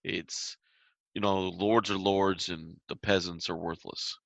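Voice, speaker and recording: A man's voice: low-pitched, little pitch movement, slow, creaky, a bit bright, no room sound. A man running a tabletop game as game master, explaining lore with frequent hesitations.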